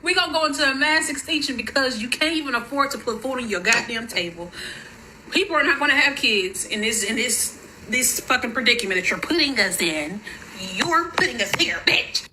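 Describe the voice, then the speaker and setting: Woman, angry vlog rant, high bright voice, profane, faint noise behind. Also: lively intonation, a little fast. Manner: furious, profane, shouting in bursts. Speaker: social media creator.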